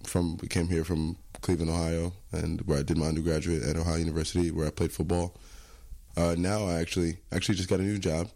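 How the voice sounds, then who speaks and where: A man in his twenties from Washington, D.C., introducing himself in a relaxed, easygoing way. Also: deep voice, fast talker. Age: 20s. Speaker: interviewee. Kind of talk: self-introduction.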